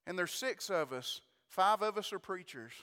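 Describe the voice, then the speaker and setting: A man delivers a storytelling sermon in a high, smooth and resonant voice. He talks in an animated way, doubling his words and exclaiming praise. His voice rings with a long reverb, as in a large church hall. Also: normal speed. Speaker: preacher.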